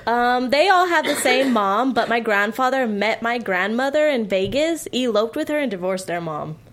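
A woman's voice: a little high, animated, normal speed, fairly bright tone. A young adult woman in casual chat, candidly telling family stories and acting out quotes. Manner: candid, storytelling, acts out quotes with profanity.

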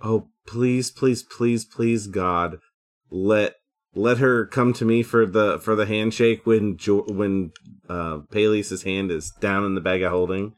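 A man's voice: fairly low pitch, steady tone, takes it slowly. A man playing a tabletop game with friends, chatting and joking playfully. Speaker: player. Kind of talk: casual chat at a tabletop game.

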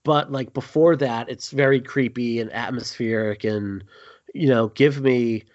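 A man's voice: mid-range voice, fairly even intonation, unhurried, darkish tone, no echo, highs cut off. A man hosting a horror podcast in casual chat, rambling with frequent ums, a little tired. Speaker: podcast host.

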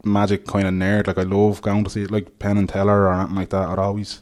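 A young Irish man chats casually on a podcast, his voice sitting a little low. He rambles through stories, stacking fillers and slipping into quoted voices as he goes. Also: completely flat delivery, fast, darkish tone. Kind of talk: casual chat.

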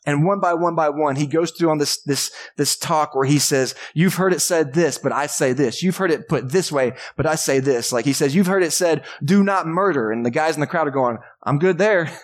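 High-voiced man preaching a casual sermon. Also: brisk, few pauses. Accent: Texan. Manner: conversational, jokey preaching with acted-out voices. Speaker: pastor. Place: church sanctuary.

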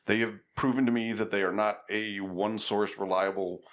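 A man co-hosting a casual political chat, talking in a measured, wry way. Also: lowish voice, fairly even intonation, fairly bright tone.

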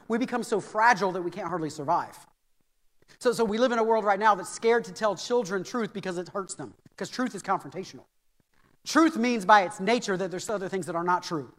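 A man's voice: sits high, a bit bright. An American man preaching a sermon as pastor, earnest and anecdotal, repeating key phrases for emphasis. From United States. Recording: reverberant hall.

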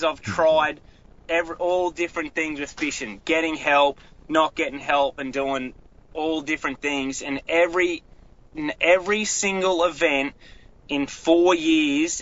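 A man's voice: a little high, a bit bright, lo-fi sound. A man with an Australian accent, a guest telling stories in a casual podcast chat, rambling with many restarts. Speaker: guest angler.

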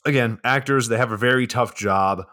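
A man's voice: medium pitch, fairly quick, bright, forceful tone, no room sound, studio quality. A man co-hosting a podcast, recapping a movie in a blunt, incredulous and profane way. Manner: blunt, incredulous, swears often. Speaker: podcast co-host. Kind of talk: casual movie recap chat.

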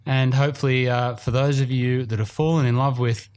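A man's voice: medium pitch, little pitch movement, brisk, darkish tone. A man with an Australian accent hosting a golf podcast in casual, rambling chat, a bit self-deprecating. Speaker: podcast host. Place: studio room.

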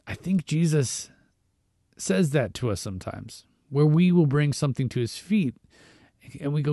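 A man whose voice sits on the high side yet has a dark tone hosts a short devotional program, moving at a moderate pace with lively intonation. After reading scripture he reflects conversationally, using fillers and restarting sentences. Studio-quality audio, no room sound.

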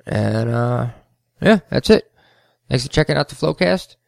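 A man's voice: medium pitch, expressive, a little slow, vocal fry, no echo, clean studio sound. A man hosting a podcast, telling a rambling story with heated asides. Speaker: podcast host, float center owner. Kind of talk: casual storytelling monologue.

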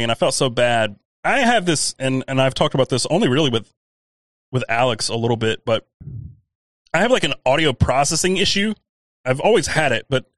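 A man's voice: medium pitch, fairly bright tone, dry recording. Hesitant, mumbling male podcast co-host. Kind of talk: casual chat.

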